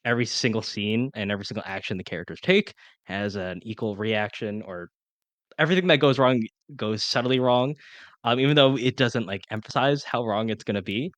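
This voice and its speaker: A young man co-hosting a podcast, chatting casually about an old film, talking fast with lots of fillers. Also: on the low side, fairly bright tone, dry recording. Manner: fast, rambling with many fillers. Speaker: podcast co-host. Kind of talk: casual film-review chat.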